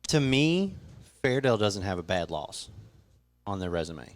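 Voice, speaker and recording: Lower-voiced joking podcast man. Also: sing-song, moderate pace. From Kentucky. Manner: confident, joking, laughs often. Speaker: podcast co-host. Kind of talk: casual sports banter.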